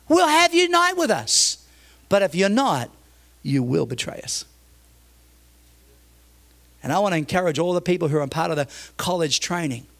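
A man preaching a sermon as a pastor, emphatic, repeating phrases and restarting as he tells stories. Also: a little high. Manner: tells stories, acting out the people in them.

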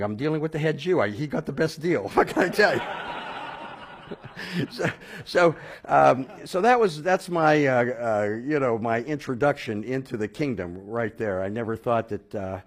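A man telling his personal conversion story, halting with fillers and restarts, then growing animated and laughing at the funny parts. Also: mid-range voice. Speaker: speaker sharing a personal conversion testimony.

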